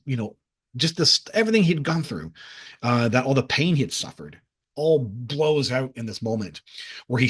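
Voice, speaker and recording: A man hosting his own video, telling a rambling story in a halting way with many restarts. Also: mid-range voice, breathy edge. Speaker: video host. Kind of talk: casual storytelling monologue.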